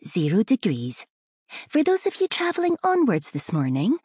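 A woman's voice: on the high side, wildly swooping pitch, moderate pace, warm tone, husky, no echo, studio quality, pitched above the performer's own voice, exaggerated voice. A woman voicing a female flight attendant making a cheery sing-song cabin announcement. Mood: cheery announcing.

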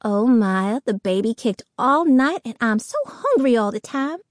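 A woman reading an audiobook, voicing a cheerful, playful pregnant mother who speaks brightly and fondly. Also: on the high side, expressive, unhurried, dry recording, clean studio sound.

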